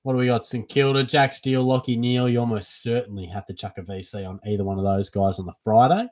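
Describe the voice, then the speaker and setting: A young Australian man hosting a casual live Q&A for a fantasy football stream, chatty and relaxed, calling everyone mate. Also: medium pitch, quick pace. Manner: laid-back and chatty, calls everyone mate. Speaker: fantasy football livestream host. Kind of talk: casual live Q&A, reading chat questions.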